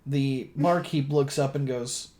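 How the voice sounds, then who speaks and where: Laid-back game master, easygoing narration, mid-pitched voice. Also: steady tone, a little slow, warm tone.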